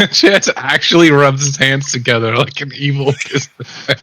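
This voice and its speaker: A man's voice: mid-range voice, moderate pace, bright, forceful tone. A man playing in a tabletop game, describing his character's actions casually and laughing often. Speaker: player.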